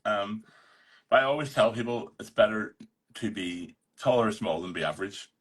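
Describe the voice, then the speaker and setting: A man with a husky, somewhat low voice, reading and chatting in a wry, blunt, self-mocking way. He sounds relaxed and unbothered. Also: normal speed. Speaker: host of an online live chat. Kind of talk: casual live chat and reading aloud.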